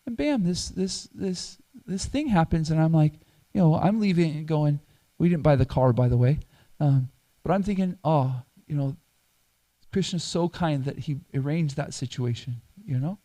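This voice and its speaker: A man's voice: fairly high pitch, moderate pace. A middle-aged man, a temple priest, telling a personal story in a sermon, acting out the dialogue with lots of restarts and fillers. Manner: animated, acts out quoted dialogue, frequent fillers and restarts. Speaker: temple priest giving a class.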